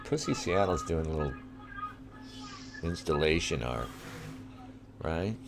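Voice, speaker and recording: A man's voice: rumbling low, animated, a little slow, creaky, over a noisy crowd. A middle-aged man from Southern California hosting a livestream, giving sardonic, crude commentary over live feeds. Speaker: livestream host.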